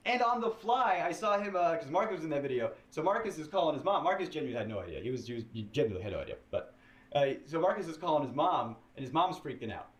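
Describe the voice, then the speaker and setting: A man tells a story in an interview in a chatty, halting way and gets animated as it builds. His voice is slightly high. The recording is roomy and distant, as if he sits away from the mic. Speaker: guest in an interview, former writer. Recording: distant, roomy interview audio played on stream.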